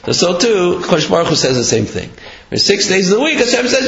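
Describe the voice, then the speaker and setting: A man giving a Torah talk, halting and restarting as he explains and tells a parable. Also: sits high, very animated, vocal fry, a bit bright, a little hiss or hum. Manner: halting, with many fillers and restarts. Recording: echoey room, dull lo-fi.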